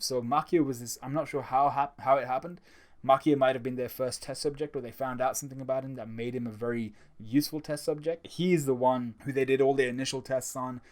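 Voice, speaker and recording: Here a mid-range male voice walks through a manga chapter, reviewing it in a relaxed, talkative way. Excitement builds, and he keeps starting his sentences over.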